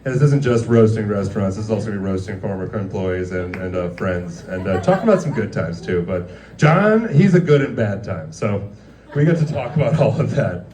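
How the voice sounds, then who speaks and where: A man's voice: lowish voice, lively intonation, fairly quick, mellow, roomy sound. A man doing a rambling, crude stand-up roast of his former coworkers in a restaurant, laughing at his own jokes. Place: restaurant dining room.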